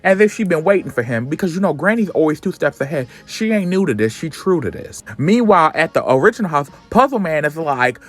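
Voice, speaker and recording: Slangy man with a lively, bouncing voice. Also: fairly high pitch, a little fast, hardly any pauses, soft background music. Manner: slangy, animated storytelling. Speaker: comic recap host. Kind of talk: casual comic recap.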